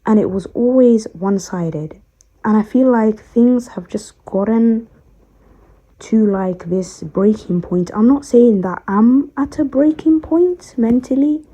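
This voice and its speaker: Weary woman venting, mellow husky voice. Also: a little high. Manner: weary, frustrated, pausing to calm herself. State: tired. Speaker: storytime vlogger. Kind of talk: emotional personal vent.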